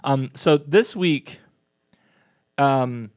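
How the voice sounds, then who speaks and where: Man, parish podcast co-host, chatty, upbeat, mid pitch, dry sound. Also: darkish tone, clear, resonant tone, dry recording. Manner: chatty and upbeat, quick asides. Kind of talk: casual chat.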